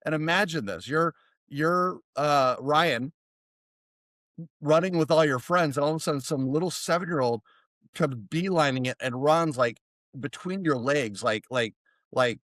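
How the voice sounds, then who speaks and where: An American man, a therapist, telling a story as a podcast guest in a rambling, animated way. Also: on the high side, moderate pace, dry recording. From United States. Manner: rambling, animated, many restarts. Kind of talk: casual storytelling.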